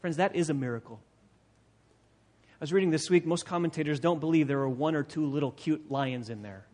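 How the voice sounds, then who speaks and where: A man's voice: on the high side, brisk, a little mellow. A male pastor preaching an expository sermon, emphatic and repeating phrases for stress, recorded in a church sanctuary. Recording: long reverb of a large hall.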